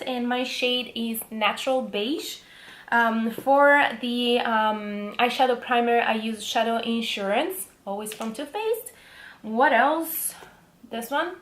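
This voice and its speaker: An enthusiastic young woman with an Italian accent talks through her makeup. Her voice sits a little high, and the room around her sounds echoey. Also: takes it slowly, a bit bright. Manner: chatty, enthusiastic, frequent ums. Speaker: beauty vlogger. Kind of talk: casual makeup product talk.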